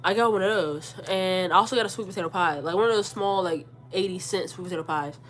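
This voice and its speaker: A woman's voice: on the low side, fast talker, slight background noise. A woman in her forties, sick and stuffed up, animatedly retelling an argument and quoting both sides. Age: 40s. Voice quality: congested. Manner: animated retelling, quotes herself and her mother, repeats words. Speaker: vlogger. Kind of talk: storytime vlog.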